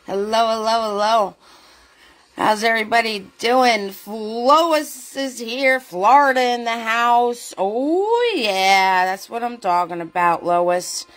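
A woman's voice: fairly high pitch, expressive, slow pace, a bit bright. Chatty New woman hosting a live stream. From New Jersey. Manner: chatty, greets viewers by name, frequent fillers. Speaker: live painting class host. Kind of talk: casual live-stream chat.

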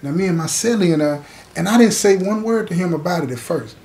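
A man's voice: high voice, fast talker, a little mellow, a little hiss or hum. A man hosting his own channel, telling a story in a conversational way with frequent asides to the listener. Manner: conversational, often adding "you know what I'm saying". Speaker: host.

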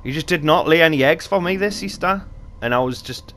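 A man's voice: a little high, animated, a little fast, bright, forceful tone. A young Geordie man giving joking, chatty game commentary with casual swearing, talking into a desk mic. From North East England. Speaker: gaming YouTuber.

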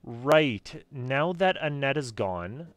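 A man's voice: mid-range voice, lively intonation, slow pace, fairly bright tone, no room sound, voice pushed up. A Canadian man voicing a restless woman thief in a video game, reading her lines in a conspiratorial way.

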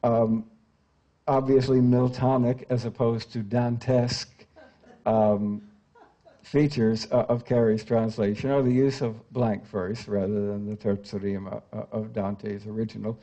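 Older man lecturing, mellow and scholarly. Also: on the low side, level tone, a little slow. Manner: scholarly, with frequent "uh" fillers, reads quoted verse aloud. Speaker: translator giving a talk.

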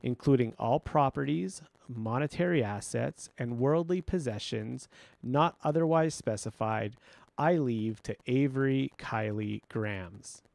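A man voicing a cool, formal male lawyer who reads out a will slowly and deliberately. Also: medium pitch, creaky, darkish tone, no echo. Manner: slow, measured, deliberate reading.

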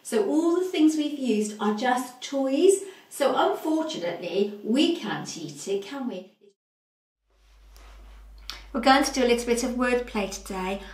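A woman teaching a lesson to young children, speaking slowly and clearly in an encouraging, sing-song way. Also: on the high side, lively intonation, darkish tone, roomy sound. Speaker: early years teacher.

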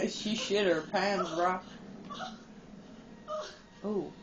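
A woman giving casual, excitable let's-play commentary while she plays, teasing and swearing. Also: medium pitch, extremely slow, muffled recording, very noisy. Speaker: gamer playing and commenting. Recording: game music playing behind.

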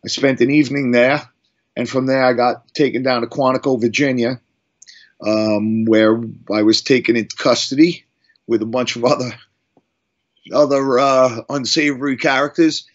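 A man's voice: medium pitch, fairly even intonation, moderate pace. Rambling middle-aged man telling stories. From Long Island, New York. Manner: rambling, many restarts and fillers. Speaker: guest musician. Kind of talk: casual storytelling interview. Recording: slightly muffled audio.

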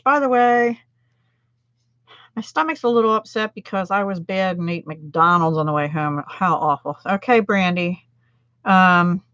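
A woman's voice: lowish voice, fairly bright tone, no room sound, dull audio. Chatty self-deprecating woman crafting live. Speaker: card-making demonstrator. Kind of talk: livestream craft demo, chatting with viewers.

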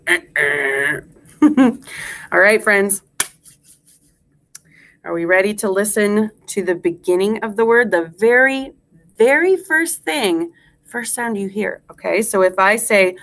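A woman teaches phonics to young children in a sing-song voice. She talks slowly and stretches out each sound, and her pitch rises and falls a great deal. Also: animated, vocal fry, a bit bright.

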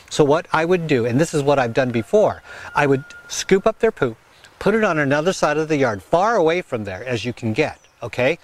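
A man hosting a gardening show, answering viewer questions in an earnest, folksy, direct way. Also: a little high. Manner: earnest, folksy, direct advice with frequent "okay?". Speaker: gardening channel host. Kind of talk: casual advice talk.

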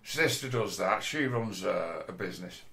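A man's voice: low voice, animated, moderate pace, creaky, a bit bright. A middle-aged man, talking bluntly in a sweary casual monologue. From Rochdale, England. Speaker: commentator.

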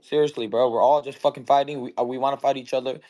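A man's voice: mid-range voice, steady tone, fast, mellow. A young man in his twenties hosting a casual online chat, brash and heated, swearing constantly. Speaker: host of the audio chat room.

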